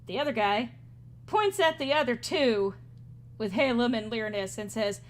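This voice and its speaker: Casual woman game master. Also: fairly high pitch. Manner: casual, halting with fillers. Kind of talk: narrating a tabletop game.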